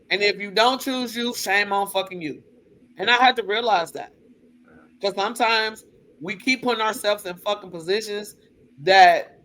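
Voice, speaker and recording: Blunt, bright-voiced woman storyteller. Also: medium pitch. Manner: blunt and profane, lively retelling with quoted voices. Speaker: co-host. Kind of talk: casual chat, personal storytelling.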